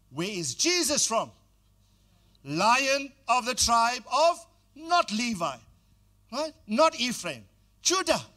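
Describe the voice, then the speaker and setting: A man's voice: a little high, a bit bright. An older man preaching a sermon as pastor, exhorting the congregation and calling on them to repeat phrases.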